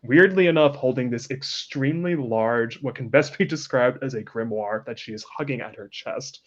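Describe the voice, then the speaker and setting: A man running a tabletop game, painting scenes in a loose, amused, chatty way. His voice sits in an ordinary middle pitch. The recording is dull and lo-fi. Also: moderate pace. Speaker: game master. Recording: dull lo-fi sound.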